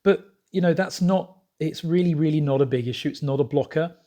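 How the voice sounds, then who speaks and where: Man, casual vlog talk, rambling, fillers, somewhat high pitch. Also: brisk, dark tone. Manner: rambling, frequent fillers and restarts. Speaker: vlogger.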